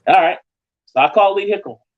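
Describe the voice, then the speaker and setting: Animated storytelling man, lo-fi sound. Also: fairly quick. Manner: animated storyteller, voice jumps high when acting out others. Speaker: guest pitmaster. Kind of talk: casual storytelling on a live show.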